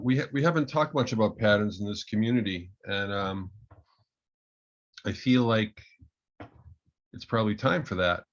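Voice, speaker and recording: A man's voice: on the low side, a bit bright, muffled recording. A man presenting as an agile coach, telling a story in a hesitant way with many ums and restarts. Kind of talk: storytelling talk at an online meetup.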